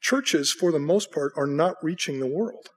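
A middle-aged American pastor preaching with lively storytelling energy. His voice sits a little high for a man and swings widely in pitch as he acts out bleating sheep and excited voices. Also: moderate pace. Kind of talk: sermon.

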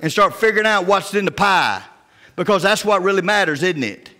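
A male pastor preaching a sermon, telling personal stories in a folksy, down-home way and often dropping to a hushed voice. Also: sits high, animated, a little fast. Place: church sanctuary. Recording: church sanctuary with long reverb.

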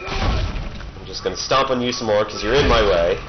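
A let's-play gamer gives casual, rambling, joking commentary on a video game in a lowish voice at a moderate pace. Game sounds sit behind him, leaving the recording muffled.

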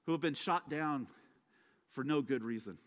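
A sermon rings through an echoey church hall as an American guest speaker tells the story with drama and humorous asides. He speaks at normal speed with a medium-pitched voice.

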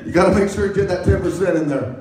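A man's voice: high voice, rapid-fire, darkish tone. A man doing a rambling, crude stand-up routine on a comedy stage and laughing at his own jokes. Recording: echoey room, mic far off.

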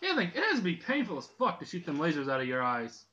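A man's voice: fairly high pitch, huge pitch swings, quick pace, pushed and bright. A young man from Dublin giving casual, joking gameplay commentary, swearing and laughing often. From Dublin, Ireland. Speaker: gaming channel host. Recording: dull lo-fi mic with faint noise.

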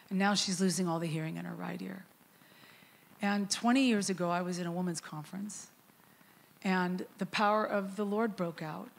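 A middle-aged woman preaching a sermon as a guest worship leader, telling a story in a lively, conversational way and acting out the quotes. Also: fairly low pitch, gravelly, slight background noise.

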